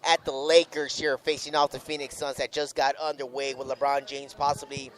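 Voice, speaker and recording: A man's voice: mid-range voice, flat delivery, fairly quick, fairly bright tone. A man co-hosting a live sports radio show, commenting on the game and repeating himself emphatically when upset.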